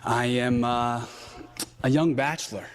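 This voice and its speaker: Playful guy contestant, flirty, keeps going oh my goodness type, normal pitch. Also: steady tone, measured pace. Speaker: bachelor contestant.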